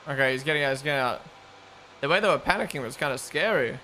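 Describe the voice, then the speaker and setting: A man live-streaming a race watch-along, chatting with viewers in an excitable, casual way. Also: mid-range voice, fast. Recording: broadcast race audio noise behind. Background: race broadcast audio playing.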